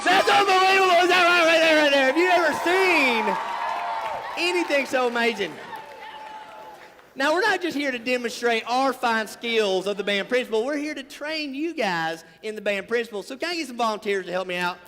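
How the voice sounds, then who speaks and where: A man's voice: very high voice, expressive, fairly quick, hardly any pauses, slight background noise. A man playing a brash, hyped-up game guru. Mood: cheering. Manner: brash, hyped-up, shouting to the crowd. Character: over-the-top male game guru Blam, hyped showman. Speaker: stage performer in a comedy duo. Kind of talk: live stage comedy skit. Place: large hall with a live audience. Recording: reverberant hall with music behind.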